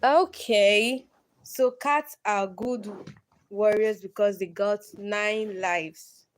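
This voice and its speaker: Slow-talking woman reading riddles. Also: medium pitch, slight background noise. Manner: slow, reads riddles aloud and answers them herself. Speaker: livestream host. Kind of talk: casual solo livestream reading riddles.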